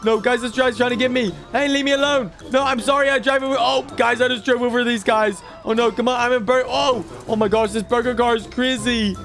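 A man voicing an excitable, cheeky baby boy in game commentary, squealing and talking straight to viewers. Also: extremely high pitch. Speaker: gaming YouTuber.

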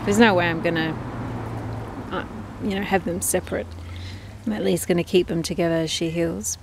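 A woman's voice: on the low side, fairly even intonation, normal speed, creaky. A woman filming her ducks in a backyard, chatting casually and affectionately as she narrates. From Australia. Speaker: duck keeper filming her flock. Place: outdoors in a backyard. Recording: faint outdoor background noise.

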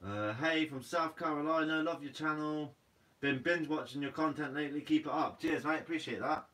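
Fairly high-pitched, pushed and bright at a moderate pace, his voice comes through a distant mic with poor audio. The young man, from Guernsey and speaking with its accent, fronts a fishing channel's live Q&A, casually and a bit sleepily reading comments and calling people "mate."

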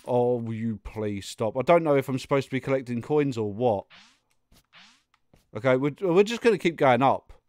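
A man's voice: medium pitch, lively intonation, normal speed, a little mellow, no echo. A young man commentating his own gameplay, muttering and getting exasperated, with sudden outbursts and laughs. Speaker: gaming YouTuber. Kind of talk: let's play commentary.

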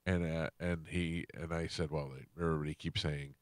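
A man hosting a radio show, telling a story in a casual, animated way and acting out what people said. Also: rumbling low, fairly quick, a little hiss or hum. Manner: animated, acts out quotes in shifting voices. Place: radio studio. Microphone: studio microphone.

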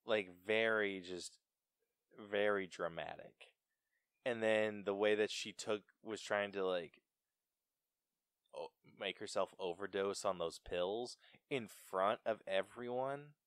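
A young man co-hosting a podcast, chatting casually about a film with an animated, stumbling delivery and frequent laughs. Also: fairly low pitch, slow, clean tone, no echo, clean studio sound. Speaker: podcast co-host. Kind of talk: casual film review chat.

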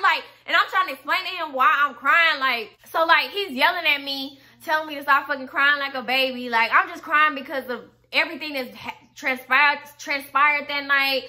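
A young woman with a high, bright voice that has a sharp edge. She tells a story straight to camera in a loose, animated way, packing every sentence with "like" and casual swearing. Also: normal speed, few pauses. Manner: animated, full of "like" fillers and swearing. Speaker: vlogger telling a personal story.

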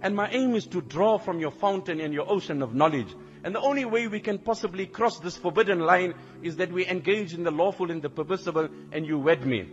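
A man voicing an admiring young woman who earnestly asks a scholar to marry her, in a formal, flattering way. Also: sits high, a little fast, hardly any pauses, lo-fi sound, close to an everyday voice. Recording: long hall reverb, faint music.

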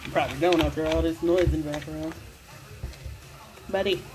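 A woman's voice: low voice, steady tone, moderate pace. A woman chatting casually into a phone camera while eating, laid-back and laughing often, with faint music behind her. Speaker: mukbang vlogger.

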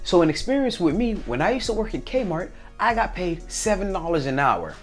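A man vlogging casually to his viewers, animated and acting out little scenes in different voices. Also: high voice, a little fast, soft background music. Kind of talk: casual talk to camera.

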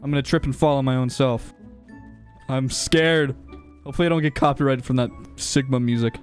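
A young man hosting a gaming channel, commenting on his gameplay in an excitable way and yelping and shrieking when startled. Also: mid-range voice, fairly quick. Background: game music and sound effects.

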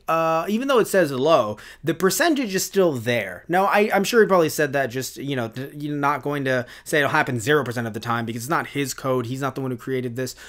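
A man's voice: fairly high pitch, fairly bright tone. A male YouTuber giving a ranting commentary, exasperated and emphatic, repeating words for effect.

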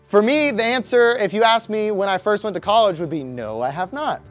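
A man's voice: high voice, lively intonation, brisk, faint music behind. A young man preaching to a youth group, conversational and asking the room questions. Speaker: youth pastor. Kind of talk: youth sermon.

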